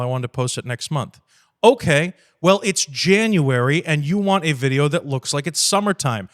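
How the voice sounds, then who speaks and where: Blunt, animated man hosting a podcast. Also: on the high side. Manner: blunt, profane and animated, acting out client dialogue. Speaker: podcast host. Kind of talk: casual podcast talk.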